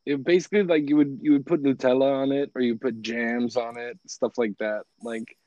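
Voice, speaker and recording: A man who grew up in Italy talks in an easy, animated way and laughs often. His voice sits at an ordinary middle pitch. The sound is close and dry, with no room echo. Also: normal speed. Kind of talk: casual chat.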